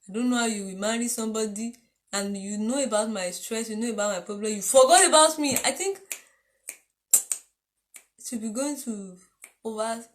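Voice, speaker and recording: A woman giving a casual Bible teaching, telling stories and often asking "You understand?". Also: mid-range voice. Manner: chatty, laughs often, asks "You understand?".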